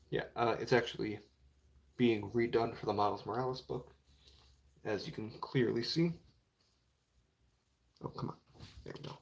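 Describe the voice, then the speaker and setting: A man's voice: mid-range voice, steady tone, normal speed, vocal fry, pauses often. A young man chatting casually on a live stream about comic books, rambling and filling with 'like' and 'you know'. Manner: rambling, heavy with filler words.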